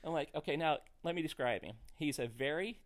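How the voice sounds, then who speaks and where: Man telling an animated comic story. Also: fairly high pitch, a little fast. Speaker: comedian guest. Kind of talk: podcast storytelling.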